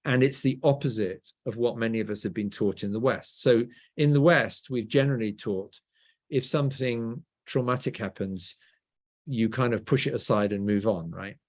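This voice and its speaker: A man's voice: mid-range voice, moderate pace. A middle-aged English man with a standard southern English accent, a guest telling stories in an interview and often tagging his points with "right?". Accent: southern English, BBC-style. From England. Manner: storytelling, often adds "right?". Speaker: guest author. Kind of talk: conversational interview.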